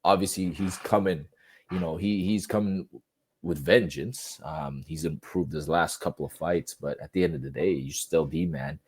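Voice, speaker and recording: Deep-voiced man chatting about boxing. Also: moderate pace, vocal fry, breathy edge. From Philippines. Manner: relaxed, rambling fan analysis with filler words. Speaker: boxing podcast co-host. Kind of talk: casual chat.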